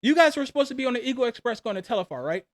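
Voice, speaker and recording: A man in his forties, an army veteran, telling a personal war story in a casual, animated way, acting out the dialogue and laughing between lines. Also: very high-pitched, very fast.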